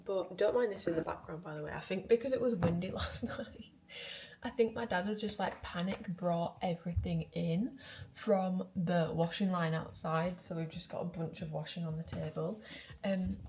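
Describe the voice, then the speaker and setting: A woman's voice: on the low side, fairly even intonation, moderate pace, a little mellow, slight background noise. A young woman chatting casually in a lifestyle vlog, rambling with lots of fillers. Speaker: lifestyle vlogger.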